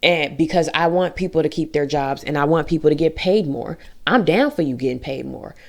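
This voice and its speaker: A woman's voice: sits low, a little fast. A young adult woman telling a personal story in a casual, emphatic, venting way, full of slang. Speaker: vlogger.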